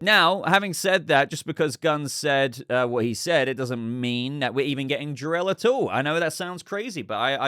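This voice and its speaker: A man's voice: medium pitch, fairly bright tone, clean tone, no echo, clean studio sound. Chatty man hosting a news vlog. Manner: chatty, rambling, lots of fillers. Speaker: host. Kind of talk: casual news commentary.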